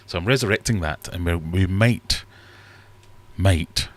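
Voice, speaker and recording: A man's voice: sits low, a little slow. A man hosting a casual livestream from his fish room, rambling and self-deprecating as he reads chat aloud. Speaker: livestream host.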